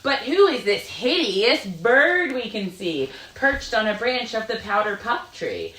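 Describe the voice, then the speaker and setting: Expressive woman reading a picture book. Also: mid-range voice, unhurried, hardly any pauses, far from the mic. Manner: expressive, gentle storytelling. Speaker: storytime reader. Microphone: video call. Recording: roomy echo.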